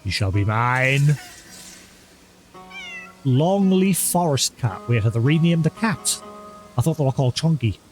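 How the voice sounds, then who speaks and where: A man's voice: mid-range voice, animated, moderate pace, soft background music. Chatty male game streamer. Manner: chatty, talks to in-game cat, baby-talk and meowing. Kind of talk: live gameplay commentary.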